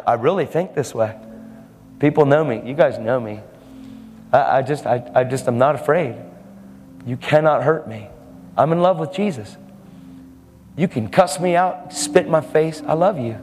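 A man's voice: fairly high pitch, moderate pace, pauses often, darkish tone. A man preaching a sermon boldly and emphatically, with laughing asides. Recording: hall reverb with faint music.

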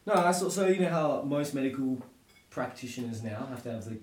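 A man's voice: mid-range voice, lively intonation, fairly quick, far from the mic, slight background noise. A man co-hosting a podcast, swearing freely and laughing often in casual banter. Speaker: podcast co-host. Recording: roomy, off-mic sound.

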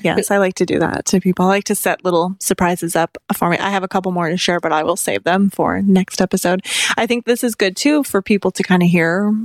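A young woman co-hosting a podcast tells a story in casual conversation, laughing often and acting out what people said in a high voice. She is animated and brisk, and the recording has no room sound.

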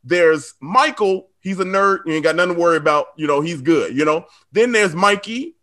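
A man, telling a comic story with lively slang and frequent laughter. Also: a little high, moderate pace. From South Side of Chicago. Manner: animated, laughing often, slangy asides to the audience. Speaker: storyteller on a comedy show.

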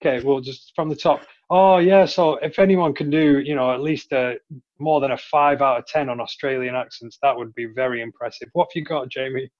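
A man's voice: mid-range voice, fairly even intonation, brisk, dull audio. A man co-hosting a podcast, teasing and rambling in casual chat. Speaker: podcast co-host.

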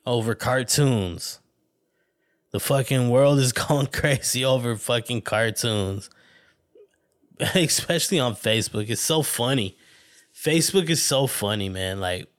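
A man's voice: mid-range voice, fairly bright tone. Profane, rambling male podcast host. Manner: profane, rambling, laughs often. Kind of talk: casual solo podcast monologue.

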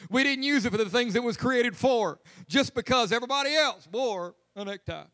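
A man's voice: extremely high pitch, expressive, fairly quick, a bit bright. A man preaching a humorous, conversational sermon as pastor in a church. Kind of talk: lively sermon. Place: church sanctuary.

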